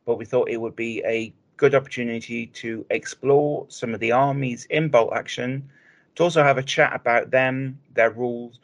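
A man co-hosting a hobby podcast, speaking in a measured, explanatory way with frequent restarts. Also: medium pitch, fairly even intonation. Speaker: podcast co-host. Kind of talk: casual chat.

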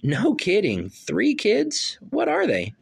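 A woman's voice: medium pitch, wildly swooping pitch, takes it slowly, gravelly, husky, full character voice. A woman playing an eager, effusive middle-aged male film producer in a rehearsed stage play reading. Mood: gushing. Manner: effusive, gushing. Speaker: actor in a rehearsal.

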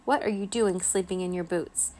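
A woman's voice: fairly even intonation, moderate pace, mellow, lightly acted. A woman voicing a stern vampire mother who scolds and screeches, in a children's storybook reading. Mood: scolding. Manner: shrill, scolding, theatrical.

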